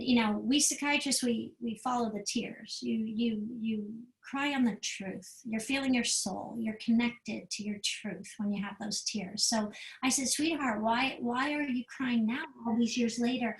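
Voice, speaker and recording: A middle-aged woman psychiatrist gives a parenting talk, fairly high-voiced and animated. She acts out the quotes as she tells her stories. Her voice carries with echo around the room. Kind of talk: storytelling lecture. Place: event room.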